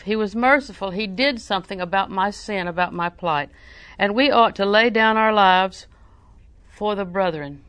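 A woman's voice: mid-range voice, normal speed, a bit bright, no echo. An older woman preaching a sermon in a folksy, storytelling way, with emphatic repetition.

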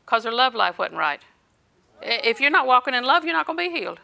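A woman's voice: a little high, very animated, fast, creaky, bright, forceful tone. An older woman minister preaching a sermon, telling personal stories with quoted dialogue and occasional laughter.

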